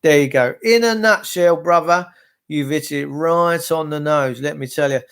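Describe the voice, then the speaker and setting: High-voiced ranting man. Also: moderate pace, creaky, a bit bright, clear, resonant tone. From England. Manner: ranting, reads viewer comments aloud and answers them. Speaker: livestream host. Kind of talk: rambling live-stream monologue.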